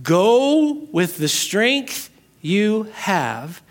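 A man's voice: very high-pitched, lively intonation, takes it slowly, a bit bright, voice pushed up, heavily acted. A man voicing a bold male angel messenger who makes grand proclamations within a sermon.

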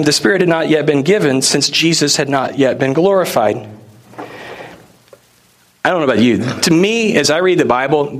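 Delivering a sermon in a slightly high voice, this male pastor keeps it loose and conversational, as if telling friends a story. He repeatedly tosses rhetorical questions at his audience.

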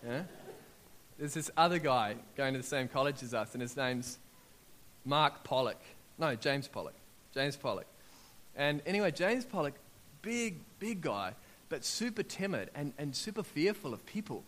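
A middle-aged Australian preacher speaks at a moderate pace with a voice on the high side. Telling personal testimonies, he plays out what people said and works up to loud, excited high points.

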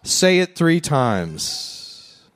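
A man preaching a conversational sermon, then leading the congregation in a slow, quiet breathing prayer. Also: a little high, sing-song. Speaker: pastor.

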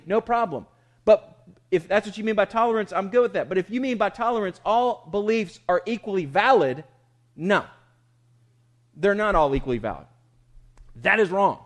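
A man with a fairly high voice preaches from the pulpit. He talks conversationally but turns emphatic, asking questions and then answering them himself. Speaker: pastor. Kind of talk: sermon.

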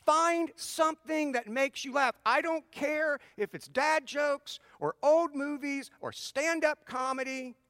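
A man's voice: very high-pitched, slow, hardly any pauses, no echo, clean studio sound. A middle-aged man giving casual advice to his audience. He mixes in personal stories and often restarts his sentences. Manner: animated storyteller with frequent restarts. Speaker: speaker addressing his audience.

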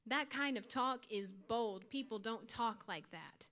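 A woman's voice: a little high, a little slow, pushed and bright. A young woman giving an earnest, informal youth sermon to her church group, with light laughs. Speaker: youth speaker.

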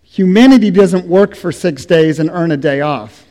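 A middle-aged man preaching a sermon as a pastor, speaking slowly and deliberately, letting his phrases trail off softly. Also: high voice. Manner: slow, deliberate preaching with soft trailing endings. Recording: long reverb of a hall.

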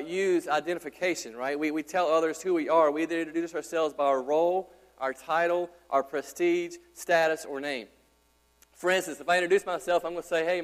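A man in his thirties, a pastor, preaching an emphatic sermon with repeated rhetorical questions. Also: on the high side. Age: 30s. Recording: long hall reverb.

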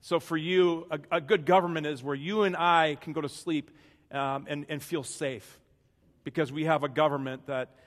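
A man's voice: fairly high pitch, fairly even intonation, normal speed. Man preaching in a reverberant hall. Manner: conversational preaching with frequent restarts and fill-in-the-blank asides. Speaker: pastor. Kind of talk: sermon.

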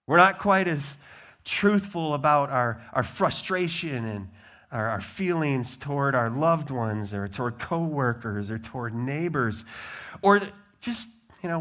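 A man preaching a sermon as a pastor, emphatic and blunt, with lively swings in his delivery. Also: fairly high pitch.

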